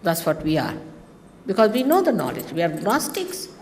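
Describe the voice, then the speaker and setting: A woman, giving a spiritual talk to her followers in a lively, teasing manner with mocking asides. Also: mid-range voice, normal speed, slight background noise. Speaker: spiritual teacher. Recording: long reverb of a hall, faint ambience.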